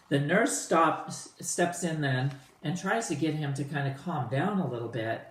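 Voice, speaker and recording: A man teaching a play to students in a casual, animated way, retelling the old lines in everyday slang. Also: a little high, normal speed, few pauses, reverberant, low-quality recording.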